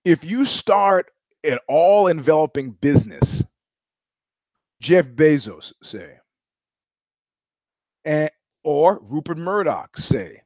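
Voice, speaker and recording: A man's voice: on the high side, animated, slow, pauses often, darkish tone, no echo. A man hosting his own show, telling stories in a casual, profane monologue with many restarts and repetitions. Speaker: show host. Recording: dull lo-fi sound, dry.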